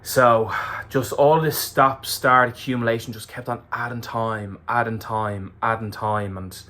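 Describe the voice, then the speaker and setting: A man's voice: mid-range voice, steady tone, measured pace, sharp tone. An Irish man recapping a race to camera in a candid, emotional way, swearing freely. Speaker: ultramarathon runner vlogger.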